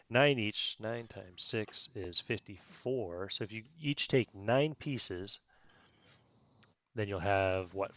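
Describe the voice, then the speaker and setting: A man's voice: fairly low pitch, fairly bright tone. A man running a tabletop role-playing game for friends, talking casually, laughing often and stumbling over the math. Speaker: game master.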